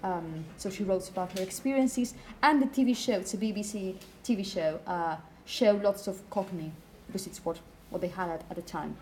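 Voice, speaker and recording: A woman teaching a class, talking through examples at an even pitch and stopping to ask the students questions. Faint noise hangs behind her in the classroom. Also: moderate pace, hardly any pauses, rough recording. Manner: explanatory, asks the class questions. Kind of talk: classroom lecture.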